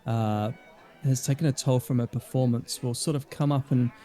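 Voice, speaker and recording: A man's voice: medium pitch, fairly even intonation, moderate pace, warm tone, faint music behind. A man playing in a tabletop role-playing game, loosely narrating his character's actions with fillers. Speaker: player.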